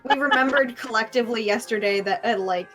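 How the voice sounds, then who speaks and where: A woman's voice: on the high side, a little fast. A woman hosting a game playthrough, chatting casually and telling stories with lots of laughter. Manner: giggly, animated storytelling. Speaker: let's play host. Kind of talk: casual chat.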